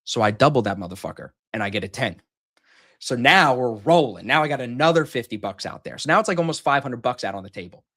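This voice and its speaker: A man's voice: mid-range voice, fast. A man telling a long gambling story in casual chat, swearing freely and acting out what people said. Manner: animated, profane storytelling, acts out quotes loudly. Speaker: podcast host telling a story.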